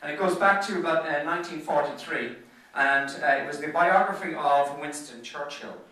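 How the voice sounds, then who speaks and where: The Irish business speaker's voice is on the high side now, pushed and bright, at a normal speed. He keeps telling chatty after-dinner anecdotes in the golf club function room, frequently repeating words, heard from a distant mic in heavy echo.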